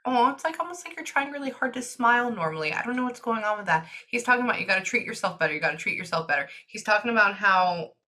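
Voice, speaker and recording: Woman medium doing a reading, chatty, bright clear voice, lots of quick asides. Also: medium pitch, animated. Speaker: psychic medium. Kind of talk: reading for a client.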